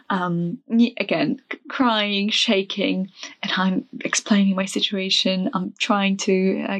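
A young woman recounting a story for her vlog in a loose, chatty way. She talks with lots of ums, restarts and asides. Her voice sits at an ordinary middle pitch for a woman. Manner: chatty, animated retelling with many fillers and restarts.

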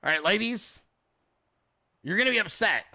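A man's voice: high voice, lively intonation, moderate pace, gravelly, pushed and bright. A man hosting a casual livestream, mocking and profane, laughing often and switching into sarcastic put-on voices. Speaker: host.

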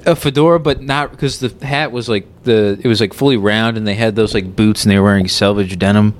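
A man co-hosting a casual talk show, making wry, deadpan jokes and rambling explanations. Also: on the low side, brisk, a little hiss or hum. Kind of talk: casual chat.

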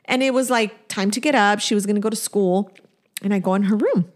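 Speaking briskly in a mid-range voice, a podcast co-host in her forties spins a story during a relaxed conversation. She performs the characters' voices with lively, animated energy.

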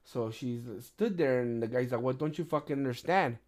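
Middle-aged male host, casual storyteller, heavy cursing, animated retellings. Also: mid-range voice, normal speed. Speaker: podcast host. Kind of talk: casual chat.

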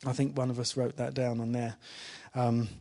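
A man of middle pitch preaches to a live church congregation in an informal, conversational way. He keeps asking the room questions and adds small laughs. When he retells a story his voice goes soft and hushed. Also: little pitch movement, moderate pace.

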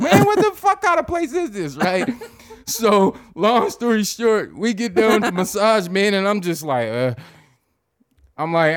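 A man spins a story in loose, profane casual chat, his pitch leaping up and down as he acts out his own reactions. His voice sits fairly high for a man, and the sound is close and dry. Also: fairly bright tone, no room sound. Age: adult, married.

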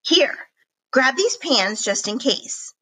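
A woman's voice: high-pitched, big pitch swings, takes it slowly, pushed and bright, husky, exaggerated voice, rough recording. A woman reading aloud, voicing a practical, bossy young girl with a matter-of-fact way of talking.

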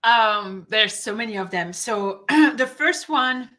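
A woman doctor with a very high voice, chatting casually as a guest and laughing often. She pauses with ums and uhs as she gathers her thoughts. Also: lively intonation, sharp tone. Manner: laughs easily, hesitant fillers. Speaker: physician guest. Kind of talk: casual interview talk.

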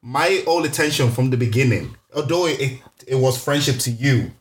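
A man's voice: mid-range voice, moderate pace, a loud crowd. A man in a casual group chat who acts out little scenarios and quotes imagined people as he talks.

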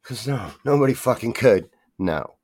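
A man's voice: mid-range voice, expressive, normal speed, darkish tone, breathy edge, dry recording, clean studio sound. Grumbling, rambling man with a drawl. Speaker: podcast host. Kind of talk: casual solo rant.

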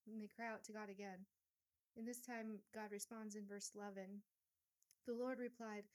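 A woman's voice: mid-range voice, steady tone, normal speed, a little mellow. Woman teaching a Bible study. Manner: reads scripture aloud, then paraphrases in casual asides. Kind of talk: Bible study reading and commentary.

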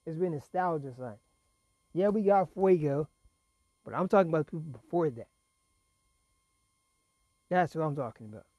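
Chatty man recapping wrestling, dark tone. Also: a little high, lively intonation, brisk, pauses often, breathy edge, no echo. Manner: chatty, rambling, laughs while talking. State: fighting a cough. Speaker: wrestling show reviewer. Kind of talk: casual solo recap.

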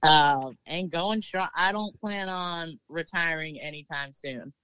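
A woman's voice: low voice, takes it slowly, bright, forceful tone, smooth, no echo, low-quality recording. A woman with a Southern US accent chats as a podcast guest. She talks loosely, with plenty of "um" and "you know", and laughs often. The sound is close and dry, with no room around it. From Maryland. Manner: chatty, laughs often, lots of fillers. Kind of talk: casual interview chat.

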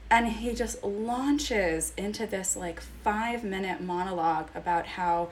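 A woman's voice: medium pitch, a little slow, few pauses, a little hiss or hum. A woman hosting a podcast interview, chatty and wry as she tells her own stories. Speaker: podcast host. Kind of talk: conversational interview.

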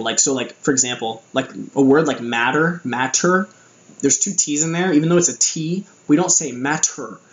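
A man's voice: medium pitch, fairly bright tone. Rambling young American man, roomy echo. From United States. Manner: rambling, many fillers and restarts. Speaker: vlogger. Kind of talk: casual storytelling.

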